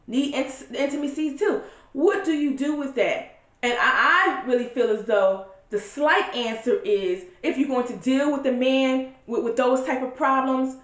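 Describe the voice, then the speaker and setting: A woman's voice: sits high, measured pace, roomy sound, dull audio. A woman talking straight to camera in a casual vlog, blunt and profane, full of strong opinions. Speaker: vlogger reviewing a reality show.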